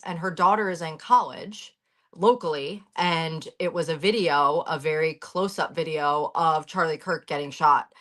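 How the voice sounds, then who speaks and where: A woman's voice: low voice, normal speed, fairly bright tone. A woman in her thirties, a guest on a talk show, telling a personal account bluntly, with swearing and heated urgency over a video call.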